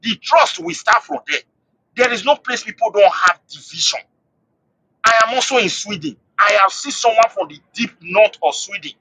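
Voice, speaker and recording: Man, call-in guest, heated political commentary, high animated voice, husky bright tone, repeats himself for emphasis. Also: moderate pace, no room sound, poor audio. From Nigeria. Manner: emphatic, repeats and restarts phrases.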